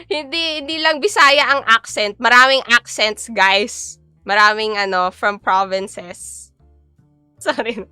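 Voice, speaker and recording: A woman's voice: a little high, takes it slowly, pushed and bright, smooth, no room sound, faint music behind. A young Filipino woman with a Filipino accent, chatting casually on a live stream, giggly and mixing Tagalog with English. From Philippines.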